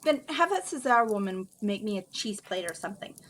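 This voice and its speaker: A woman's voice: mid-range voice, expressive, measured pace, fairly bright tone, slight background noise. A woman voicing a spoiled, bossy rich teenage girl who snaps her demands, while reading a story aloud. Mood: snappish. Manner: snappish, haughty, demanding.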